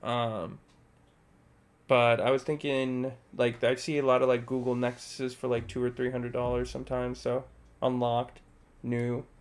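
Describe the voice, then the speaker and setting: A man's voice: medium pitch, level tone, unhurried. A young man streaming a game and chatting casually, laid-back and heavy on filler words like "bro". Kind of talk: casual chat while gaming.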